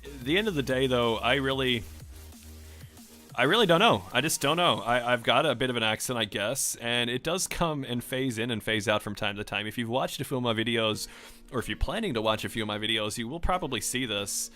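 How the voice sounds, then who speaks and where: A man's voice: mid-range voice, expressive, a little fast, sharp tone, soft background music. A man from Australia rambling in a casual rant over gameplay, with strongly emphasized R sounds and a self-questioning way of talking. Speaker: gaming vlogger.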